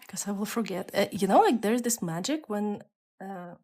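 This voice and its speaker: A woman with a mixed non-native English accent, chatting casually with viewers on a live stream and slipping into soft whispered asides. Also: mid-range voice, lively intonation, moderate pace. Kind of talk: casual live-stream chat while coloring.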